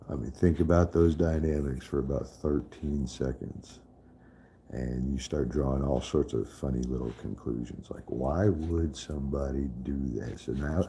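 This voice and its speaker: Gravelly deep-voiced man trash-talking. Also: dark tone, slight background noise. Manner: profane, trash-talking, laughs often. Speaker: live streamer. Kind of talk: casual live-stream chat.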